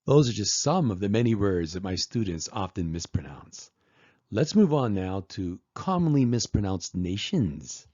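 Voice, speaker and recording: A man teaching English pronunciation, saying words one at a time with long pauses for the listener to repeat. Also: fairly low pitch, big pitch swings, a little mellow, no echo, highs cut off. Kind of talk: slow, deliberate pronunciation drill.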